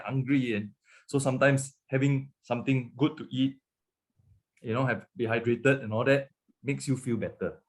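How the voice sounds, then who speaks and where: A male pastor with a Malaysian English accent gives a relaxed webinar teaching at a mid-range pitch. He speaks in a chatty, informal way, stumbling over repeated words and checking in with his listeners. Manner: conversational, repeats words, checks in with "okay" and "right". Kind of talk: church teaching on marriage. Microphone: webinar microphone.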